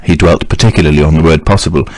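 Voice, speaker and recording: A man reads a classic novel aloud in a measured, even way. His voice is very low, and the recording is dry and close, with no room sound. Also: dry recording, low-quality recording. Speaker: audiobook reader. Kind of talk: scripted narration.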